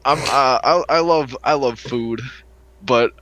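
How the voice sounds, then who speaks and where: A man's voice: medium pitch, slow, a bit bright, rough recording. Young man, co-host, laid-back, hesitant, dry humor. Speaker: podcast co-host. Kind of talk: casual chat.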